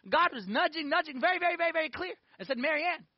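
A man in his forties giving a lively personal testimony in a sermon, peppering it with "okay?" and "like". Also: very high voice, rapid-fire, no room sound, muffled recording. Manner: animated storytelling with frequent "okay?" and "like".

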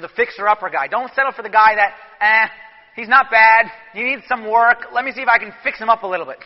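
A man, a priest, preaching a sermon in an animated, emphatic way with sudden bursts. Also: sits high. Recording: dull echoey church recording.

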